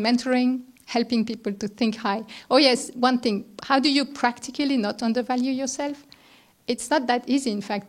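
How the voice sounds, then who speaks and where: Middle-aged woman panelist, conversational, a little high-pitched. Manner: conversational, thoughtful, with restarts. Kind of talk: round-table talk. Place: lecture room.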